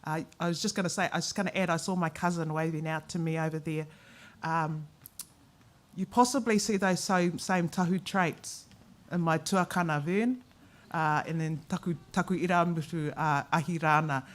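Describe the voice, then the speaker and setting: In a low voice with fairly even intonation, a New Zealand-accented woman speaks on behalf of a museum board at a formal ceremony. Measured in delivery, she weaves wry, joking asides into her oratory.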